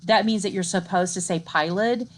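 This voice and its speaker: In a lowish voice, a middle-aged woman gives a recorded university lecture on literature, explaining things conversationally, often tossing in "right?" and slowly reading poems aloud.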